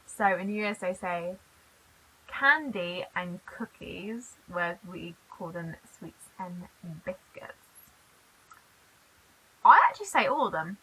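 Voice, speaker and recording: Chatty bright-voiced British woman. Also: lowish voice, slow, long pauses, husky, poor audio. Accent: British English. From United Kingdom. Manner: chatty and animated, laughs often. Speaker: YouTuber. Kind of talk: casual vlog chat.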